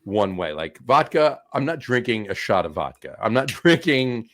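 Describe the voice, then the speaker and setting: A middle-aged man co-hosting a casual podcast, talking in a rambling way with many pauses and restarts. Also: medium pitch, sing-song, a bit bright. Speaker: co-host.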